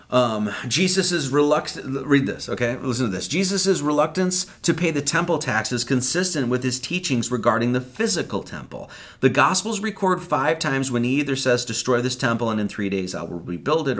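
A man delivers a loose, conversational sermon, his pitch swinging widely as he acts out scripture dialogue. He talks like he's chatting with friends and throws in the odd swear word. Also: a bit bright. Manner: conversational, acts out quoted lines, swears casually. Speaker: preacher. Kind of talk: casual Bible-study sermon.

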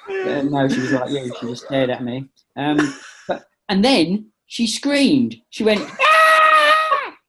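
A middle-aged man, an impressionist, telling a funny story over a video call. He is animated and laughs at his own jokes. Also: mid-range voice, measured pace, very noisy. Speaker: impressionist and comedian guest. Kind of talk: casual anecdote telling.

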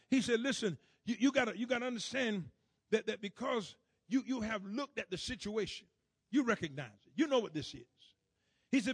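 A man's voice: very high voice, fairly bright tone, slightly rough, no echo. A man preaching a sermon, fervent and rhythmic, with repeated phrases and call-and-response to the congregation.

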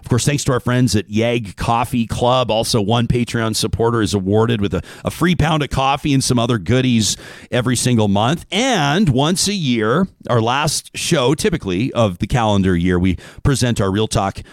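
A man, co-hosting a talk show in casual chat, animated and enthusiastic, with leaps in pitch. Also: normal speed, dry recording, clean studio sound. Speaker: radio show co-host. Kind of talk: casual chat with read ads.

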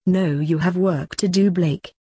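A woman's voice: lowish voice, fairly even intonation, measured pace, mellow, slightly rough, dry recording, studio quality. A woman reading the part of a stern, fussy male office assistant in a storybook tale.

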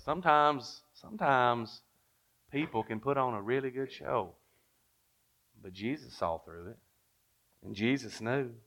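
A man's voice: a little high, fairly bright tone. A man preaching a sermon, telling the story with lots of rhetorical questions and reading King James verses aloud.

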